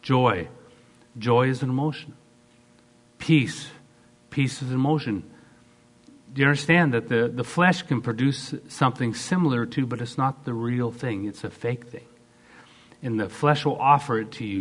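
A man preaching a sermon, acting out quoted voices and swinging from loud, fast bursts to soft, slow stretches. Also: mid-range voice.

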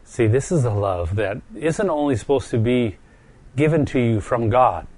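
A middle-aged man preaching a heartfelt sermon, gentle and earnest, often pausing and repeating words, still recovering from a stroke and quick to get emotional. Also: medium pitch, lively intonation, husky, no echo.

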